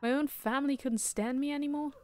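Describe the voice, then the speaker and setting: A woman's voice: sits high, steady tone, brisk, darkish tone, no echo, lightly acted. A woman reading out the lines of a reproachful, hurt mother in a game. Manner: reading game dialogue aloud.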